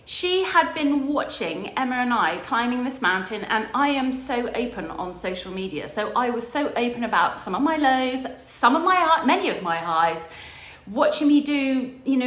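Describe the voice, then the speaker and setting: A middle-aged woman business coach giving an enthusiastic motivational talk, telling stories with excited quoted voices. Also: a little high, echoey room. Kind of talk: motivational monologue.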